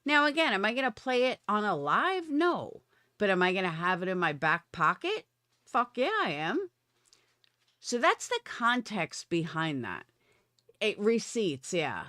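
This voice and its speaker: A woman's voice: medium pitch, sing-song, unhurried, sharp tone, dry recording, clean studio sound. A woman live streamer ranting at her viewers, profane and combative. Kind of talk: livestream rant.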